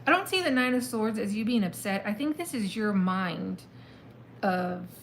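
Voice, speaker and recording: A woman reads tarot cards in a loose, chatty way, mulling things over out loud. Her voice sits in an average middle pitch. A faint hum of room ambience stays in the background. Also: measured pace, low-quality recording. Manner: chatty, thinks aloud, exclaims at the cards. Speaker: tarot reader. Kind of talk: casual live tarot reading.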